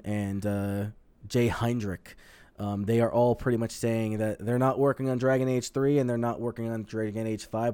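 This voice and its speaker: A man's voice: fairly low pitch, mellow, clear, resonant tone, dry recording. A man co-hosting a podcast, chatting casually and profanely about gaming news. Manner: profane, rambling, reads headlines aloud. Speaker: podcast co-host.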